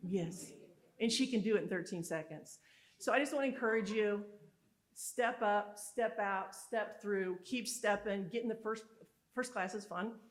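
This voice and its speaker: A woman giving a motivational conference speech, telling stories in an animated, emphatic and candid way. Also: mid-range voice, normal speed. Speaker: summit speaker. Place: live conference event.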